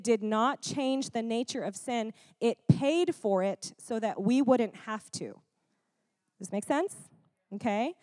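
A woman preacher delivers an animated sermon in a fairly high voice. She keeps checking in with her listeners and laughs between points. The sound is close and dry. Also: no room sound. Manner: animated, laughing asides, frequent "Amen? Okay?" check-ins.

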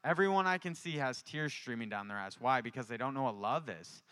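A man preaching to a congregation with a bright, forceful voice that rings crisp and smooth. He tells his testimony in a loose, conversational way, then presses the listeners with fervent calls to act. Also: medium pitch, expressive, fairly quick, few pauses. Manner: conversational storytelling building to fervent exhortation. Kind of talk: sermon with personal testimony.

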